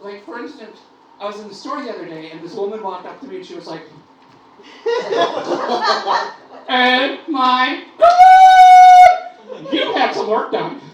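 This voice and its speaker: A woman's voice: mid-range voice, animated, fast, muffled recording. A woman doing stand-up comedy with a brash, bawdy, exaggerated delivery on a comedy club stage. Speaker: stand-up comic. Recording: echoey club miked from a distance, loud room noise.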